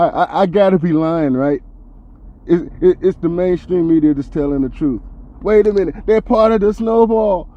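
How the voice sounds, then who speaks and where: A man hosting a podcast, delivering a profane, heated and sarcastic rant that swings between loud outbursts and low mutters. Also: highs cut off. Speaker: podcast host. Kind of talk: ranting commentary monologue.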